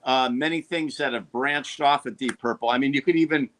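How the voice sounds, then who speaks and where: A man's voice: medium pitch, a little fast, fairly bright tone, a little hiss or hum. A man guesting on a rock interview, explaining things in an eager, chatty way with many restarts. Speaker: guitarist guest. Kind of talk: casual interview chat.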